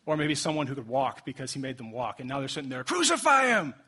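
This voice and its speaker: A young man preaching a sermon in a casual, animated way, laughing often and acting out quotes. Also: mid-range voice, fast, slightly rough. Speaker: pastor.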